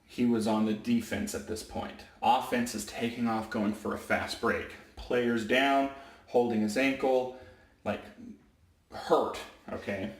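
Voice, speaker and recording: Referee-type man talking, loose and rambling, mid pitch, recorded in a roomy space away from the mic. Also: fairly even intonation, measured pace, recorded from a distance. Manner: rambling, self-correcting, with many fillers. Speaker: high school basketball referee. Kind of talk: casual storytelling vlog.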